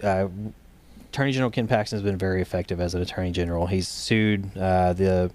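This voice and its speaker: Low-voiced man telling a story. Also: fairly even intonation, fast talker, darkish tone. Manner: talks in loose runs with frequent fillers and restarts. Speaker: guest, state director of a gun rights group. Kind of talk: casual interview storytelling.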